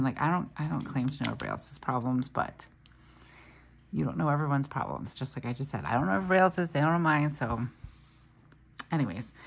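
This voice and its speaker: A woman's voice: rumbling low, gravelly, slightly rough. A woman in her thirties chatting casually while she plans in her journal, telling stories with lots of asides. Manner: chatty, storytelling, trails off into asides. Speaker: planner vlogger. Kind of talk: casual chat while planning.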